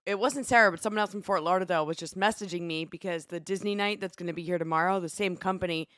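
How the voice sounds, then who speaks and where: A woman with a New Jersey accent co-hosting a live morning show, chatty and quick to laugh, often trailing off mid-thought. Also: lowish voice, a bit bright, no echo, studio quality. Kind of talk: casual chat.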